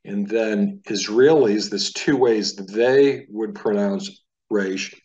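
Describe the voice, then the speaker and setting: A man from the United States teaching a casual Hebrew lesson, talking in a relaxed, conversational way and sounding out letters aloud. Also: lowish voice, a little slow, recorded from a distance, highs cut off.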